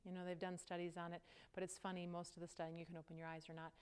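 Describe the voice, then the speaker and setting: Breathless, smooth-voiced woman teaching yoga. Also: fairly low pitch, completely flat delivery, rapid-fire, a little mellow. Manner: casual, chatty cues with frequent "right?". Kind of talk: guided yoga class instruction.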